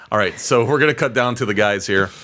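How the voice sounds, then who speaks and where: A man narrating as game master of a tabletop game, with halting delivery and frequent laughs. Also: fairly low pitch, bright, forceful tone.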